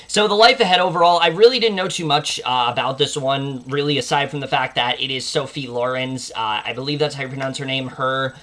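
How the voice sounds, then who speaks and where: Bright-voiced young man chatting about films. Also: mid-range voice, brisk, hardly any pauses, a little hiss or hum. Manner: enthusiastic, many fillers like "uh" and "like". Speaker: movie preview host. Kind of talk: casual film chat.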